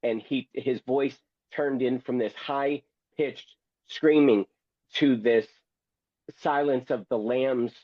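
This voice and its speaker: A man's voice: medium pitch, fairly even intonation, takes it slowly, no room sound, highs cut off. A man who is a guest and memoir author, telling a story theatrically and with humor, acting out other people's voices. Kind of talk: storytelling, reading from his memoir.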